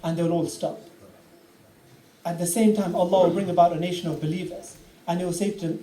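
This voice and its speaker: A man's voice: high-pitched, steady tone, a little fast, long pauses. A man giving an impassioned religious lecture, telling stories and crying out quoted prayers. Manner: impassioned, storytelling, rising to loud cries in quotes. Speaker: speaker. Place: Islamic centre hall. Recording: echoey hall from far off with faint ambience.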